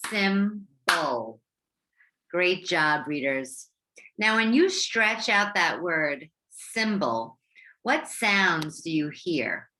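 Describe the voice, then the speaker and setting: A woman teacher with an American accent giving a slow, encouraging phonics lesson to young students, stretching out sounds and syllables. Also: fairly low pitch, lively intonation, sharp tone. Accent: American English. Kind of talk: slow, clear classroom instruction for young learners.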